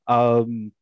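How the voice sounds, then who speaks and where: A man introducing his tabletop character haltingly. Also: medium pitch, clear, resonant tone, no room sound, lo-fi sound. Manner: halting, with short laughs. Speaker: player.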